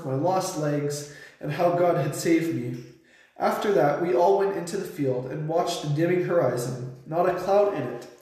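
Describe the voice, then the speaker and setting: A young man earnestly reading his own short story aloud, lifting his voice sharply for shouted lines. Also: a little high. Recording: very echoey room.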